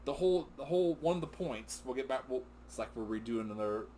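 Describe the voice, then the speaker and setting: A middle-aged man in a casual wrestling recap chat, talking at a middle pitch. He rambles, restarts his points and gets sidetracked. A faint hiss of noise sits under his voice. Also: fast. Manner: excitable, rambling, often sidetracked and laughing. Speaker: co-host of a father-and-son wrestling recap show.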